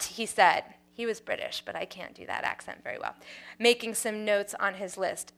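A woman's voice: medium pitch, steady tone, moderate pace, pushed and bright. A woman reading a personal story aloud in a wry, dry-humored way.

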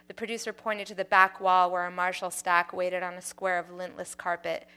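A woman's voice: on the low side, fairly even intonation, normal speed, hardly any pauses, bright, forceful tone, smooth. A woman reading a personal story aloud in a wry, dry-humored way.

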